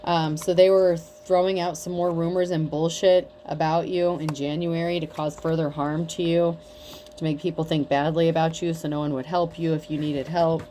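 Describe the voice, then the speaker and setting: A woman whose voice sits low, with a dark, level tone at a moderate pace, reads tarot casually. Slight background noise is present, and her delivery is blunt, mocking and full of profanity.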